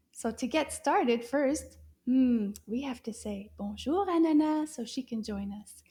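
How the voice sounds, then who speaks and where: A woman with a high, airy voice leads a children's French lesson. She takes her time, gasps with delight and often drops into soft half-whispers. She switches between French and English and coaxes young listeners to repeat after her. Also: slow, breathy edge. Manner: animated and exaggerated, gasping with delight, dropping into soft half-whispered asides.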